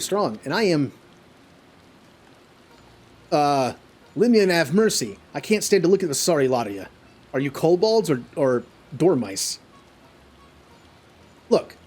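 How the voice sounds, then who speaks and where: A man voicing a brash, tough-talking warrior woman in his own plain, husky voice. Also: fairly high pitch, a little mellow.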